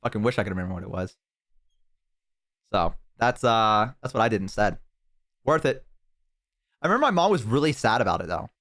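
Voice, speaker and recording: A young man chatting casually on a live stream, telling stories and reading chat, swearing freely and jumping into loud excited bursts. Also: fairly low pitch, a little fast, long pauses.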